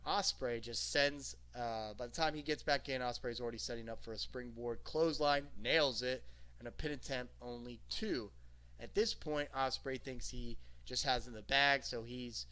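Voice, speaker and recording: Male reviewer, casual and rambling, bright voice, mid pitch. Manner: excited, rambling, lots of "okay?". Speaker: wrestling show reviewer. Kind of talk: casual recap commentary.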